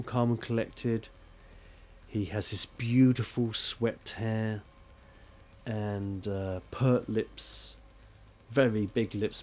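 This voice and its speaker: A man running a tabletop role-playing game as game master, narrating scenes in a rambling, animated, self-mocking way. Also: fairly low pitch.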